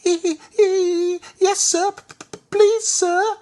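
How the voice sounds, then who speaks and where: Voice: mid-range voice, fairly quick, bright, forceful tone, slightly rough, pitched above the performer's own voice. A storybook reader voicing a small, fussy boy tank engine who chants in a whiny sing-song. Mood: nervous stammering. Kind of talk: storybook reading.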